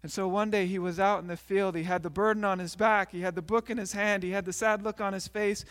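A man preaching, then telling a story to kids in an animated way, acting out the characters. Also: high-pitched, fast, in a large hall. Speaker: pastor. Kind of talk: sermon and children's story retelling.

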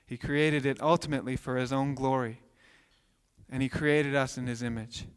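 Pastor guy in his 30s giving a sermon, animated stories, echoey church hall. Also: mid-range voice, normal speed, clear, resonant tone. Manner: storytelling, animated, acts out voices. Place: church sanctuary. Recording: long hall reverb.

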